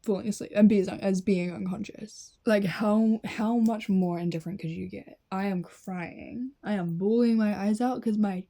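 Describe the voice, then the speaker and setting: Woman reading posts out loud w/ blunt frank comments, mellow warm voice, sometimes goes hushed. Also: medium pitch, normal speed, hardly any pauses. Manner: blunt, candid asides with swearing.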